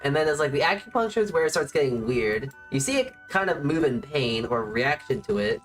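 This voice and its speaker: A woman's voice: low voice, expressive, fairly quick, few pauses. A woman streamer chatting casually, rambling and often restarting her sentences, with faint music playing behind her. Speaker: VTuber streamer. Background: faint background music.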